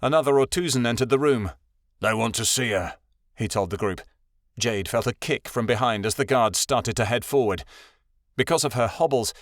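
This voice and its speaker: A man reading a fantasy audiobook aloud as narrator, in a steady, even storytelling read. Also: medium pitch, no room sound, clean studio sound.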